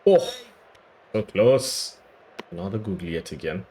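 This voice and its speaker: A man with a hoarse, worn-out voice giving chatty play-by-play commentary on his own cricket video game, breaking into excited cries at big moments. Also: lowish voice, unhurried, noisy background. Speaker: gaming YouTuber. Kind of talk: casual play-by-play gameplay commentary.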